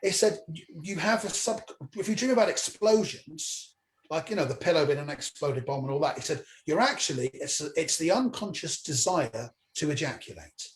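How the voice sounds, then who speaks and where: A man, a stand-up comedian, telling a long personal story in an animated way, acting out the voices of the people in it and swearing freely. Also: a little high, moderate pace. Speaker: comedian guest. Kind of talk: anecdotal storytelling. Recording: echoey room with faint noise.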